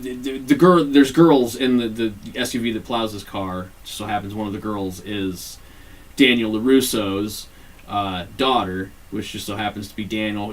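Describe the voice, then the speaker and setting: A man's voice: fairly low pitch, far from the mic, poor audio. A man co-hosting a casual podcast, swearing freely and acting out quotes as he retells a TV plot. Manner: profane, animated retelling with acted-out quotes. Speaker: podcast co-host. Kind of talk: casual chat reviewing a TV show.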